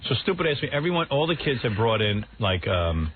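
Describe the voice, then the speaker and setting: Animated man telling stories on the radio. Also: mid-range voice, a little fast, slight background noise. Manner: storytelling, self-mocking, animated. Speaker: radio show host. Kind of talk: casual radio banter. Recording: tinny phone-like broadcast audio.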